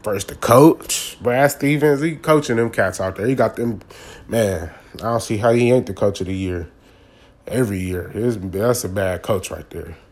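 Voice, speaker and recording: A man's voice: fairly low pitch, moderate pace. A man, ranting casually and animatedly about a sports game in slangy talk. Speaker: sports commentator.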